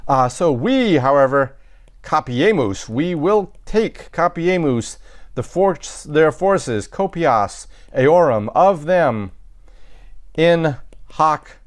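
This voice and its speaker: A man's voice: a little high, lively intonation, slow pace. A man teaching a recorded Latin lesson, thinking aloud as he works through sentences, with frequent restarts and self-corrections. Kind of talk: recorded lecture.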